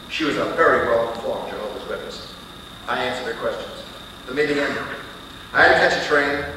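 A man tells a story from the pulpit with dramatic, lively delivery. His voice sits a little high. It is caught from far off in a big, ringing hall, with a clear layer of hiss. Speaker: preacher. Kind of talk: sermon storytelling.

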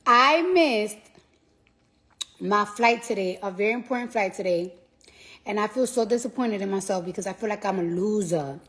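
A woman's voice: mid-range voice, a little slow, long pauses. A tired woman rambling casually and profanely on a live stream from her phone, repeating herself as she talks to fans.

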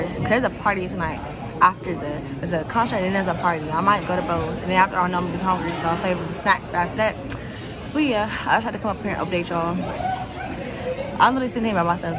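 A young woman vlogging casually to the camera, chatty and laughing, out of breath after a long walk. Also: on the low side. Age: young adult. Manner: chatty, laughs often, says y'all a lot. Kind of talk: casual vlog chat to camera.

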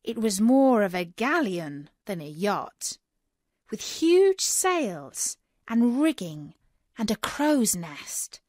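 A woman reading a children's story aloud clearly and expressively for English learners, on a close studio mic. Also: mid-range voice, big pitch swings, takes it slowly, a little mellow, dry recording. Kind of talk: scripted storybook narration.

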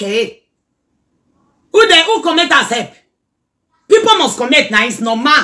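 A middle-aged Nigerian woman chatting casually in a reaction vlog, animated and scolding by turns. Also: sits high. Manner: animated, mixes pidgin and Yoruba, scolding asides. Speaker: social media commentator.

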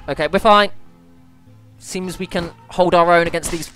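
In a lowish, unhurried voice with frequent pauses, a let's-play gamer commentates on her game in a chatty, self-mocking way. She grows excitable and breaks into panicked squeals now and then, while faint music plays behind her.

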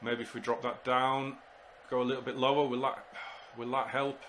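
A man commentating live on his football management game, exasperated and muttering to himself, with sudden shouts when goals go in. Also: medium pitch, flat delivery, normal speed, slight background noise. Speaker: gaming YouTuber.

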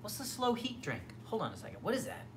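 A man's voice: high voice, huge pitch swings, fast talker, noisy background. Chatty man hosting a home livestream. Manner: chatty, rambling, many fillers and restarts. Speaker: livestream host. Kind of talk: casual livestream chat reading comments. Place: home, near the kitchen fridge.

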